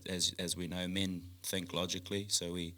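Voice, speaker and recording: A man in a casual podcast chat who talks in an animated way, swears freely, laughs between phrases and acts out the voices in his head. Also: low-pitched, moderate pace.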